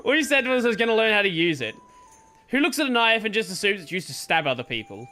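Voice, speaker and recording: A man's voice: sits high, sing-song, quick pace, bright, forceful tone, faint music behind, exaggerated voice. A man reading a cheerful, stubborn young gardener's game dialogue aloud in his own voice.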